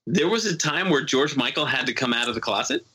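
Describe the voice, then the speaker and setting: A man co-hosting a comedy podcast, tossing quick wisecracks and dry asides into a casual chat. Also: medium pitch, expressive, a crowd in the background, rough recording. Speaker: podcast co-host.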